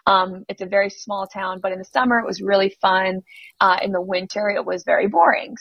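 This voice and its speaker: A woman in her thirties from Maryland's Eastern Shore, answering interview questions in a friendly, steady way with many ums. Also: medium pitch, dry recording, rough recording. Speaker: guest, business owner.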